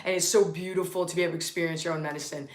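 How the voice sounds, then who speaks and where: A woman's voice: on the low side, fairly even intonation, rapid-fire, roomy sound. A woman co-hosting a live-stream talk, speaking in an effusive, emphatic, gushing way. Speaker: co-host.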